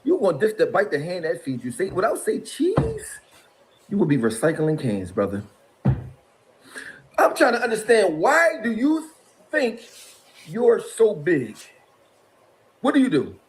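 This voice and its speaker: Middle-aged man, high and very animated, mocking, exasperated call-out rant with laughs between jabs. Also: unhurried, long pauses, a little hiss or hum. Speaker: interview guest.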